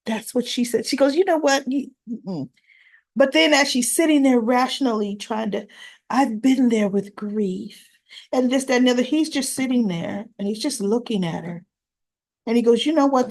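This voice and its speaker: A woman's voice: a little high, normal speed, darkish tone. A woman hosting a casual recap vlog, retelling scenes as quoted back-and-forth dialogue with chatty asides to viewers. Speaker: soap opera recap host.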